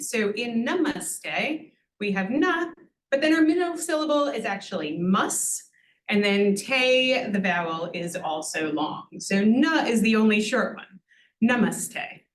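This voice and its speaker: A woman with a fairly high voice leads an introductory Sanskrit lesson for a university event audience, and the recording has a roomy sound. She explains things patiently, tosses in "right?" often, and keeps a light humorous touch.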